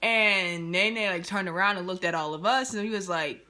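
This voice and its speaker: A young woman spins a casual storytime with lots of laughter and slang. Her voice is bright and ringing, and she keeps the telling lively and animated. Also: fairly low pitch, moderate pace, hardly any pauses. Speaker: vlogger.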